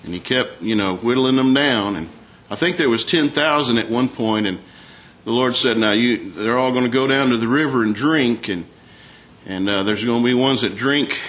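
A man's voice: medium pitch, fairly bright tone. Folksy preacher man. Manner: folksy, asks the congregation questions, reads scripture aloud. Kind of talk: sermon.

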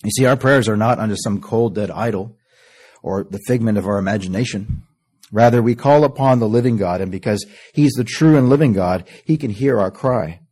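Male preacher, warm, dark tone, earnest sermon delivery with loud swells and hushed drops. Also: fairly low pitch, fairly quick, slightly rough. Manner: earnest, repeats "beloved", swells on scripture then drops to near-whispers.

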